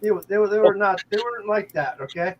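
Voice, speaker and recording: An older man in a casual live chat, blunt and crude, breaking into loud exclamations. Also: high voice, quick pace. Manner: blunt, crude storyteller who exclaims loudly. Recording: lo-fi audio with crowd noise behind.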